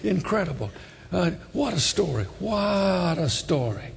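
A man's voice: high voice, very animated, unhurried, gravelly, in a large hall, a little hiss or hum. A man preaching a sermon with emphatic, repetitive exhortation.

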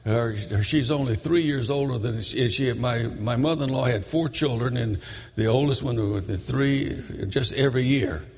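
An older man preaching a sermon, telling the story dramatically and shouting high when he voices its characters. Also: moderate pace, husky. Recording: long reverb of a large hall.

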